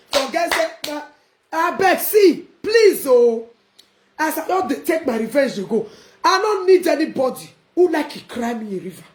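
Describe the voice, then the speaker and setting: A woman with a Nigerian Pidgin accent ranting defiantly in a casual live video, breaking into laughter and sudden shouts. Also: sits high, roomy sound. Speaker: vlogger.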